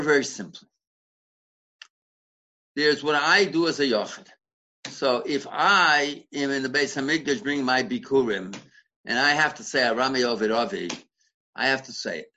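A man's voice: medium pitch, pushed and bright. Man teaching a Talmud class, lo-fi. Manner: explains step by step, quoting Hebrew and Aramaic sources; restarts and repeats words while thinking. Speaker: Torah teacher. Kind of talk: Talmudic study lecture. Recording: dull lo-fi recording.

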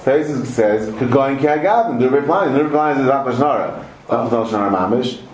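A man's voice: medium pitch, animated, quick pace. A man teaching a Talmud study class, explaining emphatically and often repeating words as he goes. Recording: echoey room with faint background noise.

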